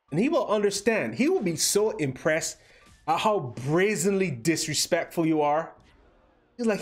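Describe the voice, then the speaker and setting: A man's voice: a little high, sing-song, normal speed. A young man hosting a livestream, giving casual gameplay commentary and teasing his chat in a playful, joking way. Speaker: livestream host.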